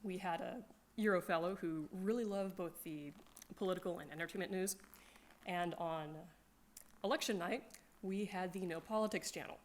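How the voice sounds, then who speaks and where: A woman telling casual, animated stories about her gaming group, laughing often and acting out her friends' lines. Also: fairly low pitch, normal speed. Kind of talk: casual storytelling to a crowd.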